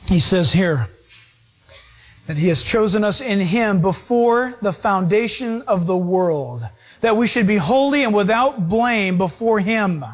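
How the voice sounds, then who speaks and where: A man with a very high voice preaches a sermon, leaning on each key point and slowing down to drive it home. He talks to his congregation directly and keeps the delivery emphatic throughout. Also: animated, slightly rough. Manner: emphatic, slows down to stress points. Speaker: pastor.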